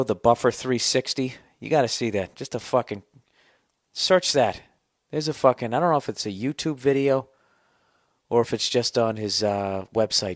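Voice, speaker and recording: A man in his forties rants on his podcast with sarcastic, profane asides. His voice sits a bit low. The close studio mic sounds dry. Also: no room sound. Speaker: podcast host. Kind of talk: casual comedic rant.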